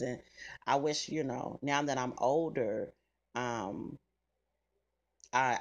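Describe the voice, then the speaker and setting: A woman's voice: rumbling low, creaky. A middle-aged woman, telling stories to her listeners in a blunt, salty way with plenty of cussing. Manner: blunt, salty, cusses freely, talks straight to listeners. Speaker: podcast host. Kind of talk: casual storytelling chat.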